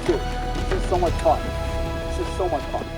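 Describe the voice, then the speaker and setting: A young man talking casually and excitedly while fishing from a boat on a lake, often exclaiming and swearing. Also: a little high, fairly quick. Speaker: vlogger. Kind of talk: casual outdoor fishing vlog. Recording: loud music under the voice.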